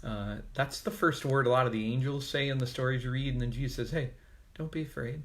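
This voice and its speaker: A man preaches a short daily devotional in an easygoing, conversational way. He talks like he's chatting with friends and drops in light jokes along the way. His voice sits at an ordinary middle pitch. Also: fairly even intonation, fast. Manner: casual, conversational, joking asides. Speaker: pastor. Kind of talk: devotional sermon.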